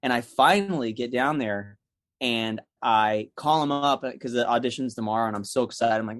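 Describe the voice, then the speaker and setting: A young man telling stories in a casual chat, animated, acting out the people he quotes. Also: medium pitch, brisk, dry recording, clean studio sound. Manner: animated, acts out quotes in other voices.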